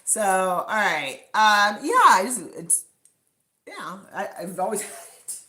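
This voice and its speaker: A woman's voice: medium pitch, very animated, slow pace, very noisy. A woman chatting casually as host of a livestream from her home kitchen, rambling with lots of fillers. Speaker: live stream host.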